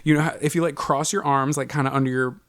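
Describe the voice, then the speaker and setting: A man spins a story on a podcast in a loose, joking, profane way. His voice sits at a medium pitch. The sound is dry and close, with no room echo. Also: fairly even intonation, fast talker, fairly bright tone. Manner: profane, jokey, playful storyteller. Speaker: podcast co-host. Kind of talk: casual storytelling chat.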